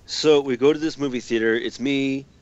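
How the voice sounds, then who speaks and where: A man's voice: medium pitch, steady tone, moderate pace, a little mellow, dry recording, lo-fi sound. A young man casually telling a story as a podcast co-host, exasperated and swearing freely.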